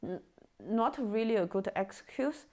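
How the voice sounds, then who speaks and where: A woman's voice: mid-range voice, animated, a little slow, a little mellow. A woman hosting a podcast in casual chat, talking animatedly with many fillers and acted-out quotes. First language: Chinese. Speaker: podcast host.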